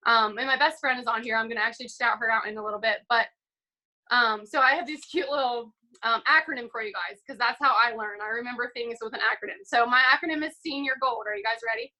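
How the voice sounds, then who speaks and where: A woman's voice: on the high side, pushed and bright, low-quality recording. A young woman giving an upbeat, chatty motivational talk on a video call, full of "like" and "um". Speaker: team call speaker.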